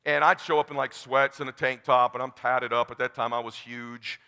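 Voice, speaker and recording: A middle-aged man from California giving a motivational talk, blunt and animated, acting out the dialogue as he tells a personal story. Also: mid-range voice, moderate pace, clear, resonant tone. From California, USA. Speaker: keynote speaker. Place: large conference hall. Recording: long hall reverb.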